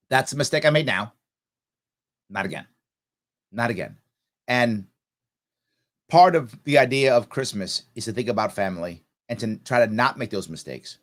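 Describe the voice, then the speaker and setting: A man in his forties hosting a show, speaking earnestly and emotionally in a heartfelt personal monologue with repeated emphasis. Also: fairly low pitch. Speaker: show host.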